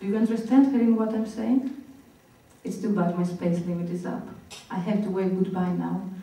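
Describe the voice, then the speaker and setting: A woman performing a spoken-word piece on stage, speaking slowly and deliberately with long pauses. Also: mid-range voice, fairly even intonation, mellow. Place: performance hall. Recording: very echoey hall, voice picked up from far off.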